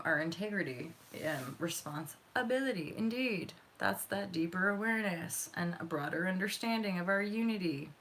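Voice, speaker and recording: Young woman from Canada, tarot reader; rambling, sweary, laughs easily, slightly low pitch. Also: a little hiss or hum. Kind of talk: casual livestream reading and chat.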